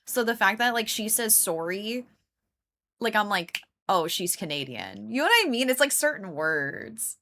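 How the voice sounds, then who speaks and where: A woman's voice: on the high side, sing-song, moderate pace, hardly any pauses, sharp tone. A woman live streamer chatting casually with her viewers, rambling with lots of fillers and laughing often. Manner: chatty, laughs often, greets and answers chat.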